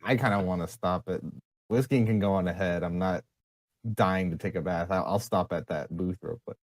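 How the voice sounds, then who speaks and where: A woman's voice: extremely low pitch, fairly even intonation, moderate pace, a little mellow, no room sound. A young woman playing in a tabletop game, casual and jokey, laughing easily. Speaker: player.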